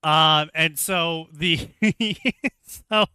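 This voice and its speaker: A man with a clear, bright voice retells a game story at a slow, relaxed pace. He laughs often and slips into goofy voices for the characters. He sits close to a dry mic. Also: a little high, no echo. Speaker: co-host recounting a game plot. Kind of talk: comedic casual retelling with acted quotes.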